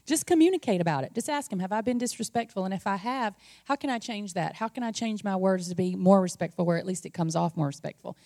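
Quick-talking earnest woman. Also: medium pitch, mellow. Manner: earnest, practical, chatty. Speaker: pastor's wife, co-speaker. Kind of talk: conversational sermon.

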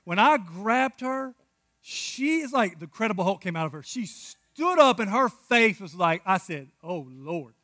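A man in his thirties preaching a sermon, telling stories with big swings from hushed asides to loud outbursts. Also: sits high, expressive, normal speed, no room sound, studio quality. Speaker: pastor.

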